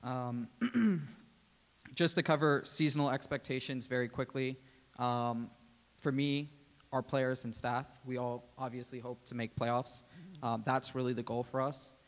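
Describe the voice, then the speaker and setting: Even-toned man in a reverberant hall. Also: medium pitch. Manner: measured, frequent "um" fillers. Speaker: team president and general manager. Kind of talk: press conference address. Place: media day press table.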